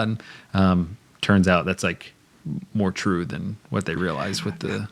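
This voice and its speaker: A man with a very low, gravelly voice co-hosts a storytelling podcast. He talks in a relaxed, casual way, often trailing off as he searches for things online while brainstorming a story. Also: slow pace. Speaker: podcast co-host.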